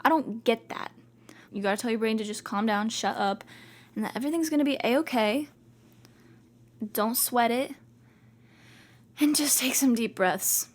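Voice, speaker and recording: A woman's voice: a little high, moderate pace, long pauses. A young woman hosting a podcast, talking casually and reassuringly, as if talking to herself, with lots of "like"s. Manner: chatty, reassuring, self-talking with many "like"s. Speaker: podcast host. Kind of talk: casual self-help talk.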